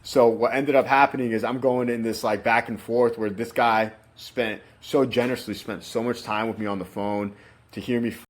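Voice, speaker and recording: A man's voice: medium pitch, fairly even intonation, moderate pace. A young man telling his own story in a candid, casual way, swearing freely and filling his talk with "like" and "you know". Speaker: interview guest.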